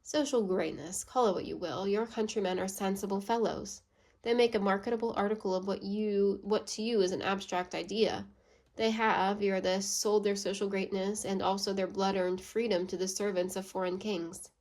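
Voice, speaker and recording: A woman's voice: medium pitch, steady tone, normal speed, a little mellow, natural voice. A woman reading aloud, voicing a blunt, scornful Englishman in a storybook, without much change from her own voice.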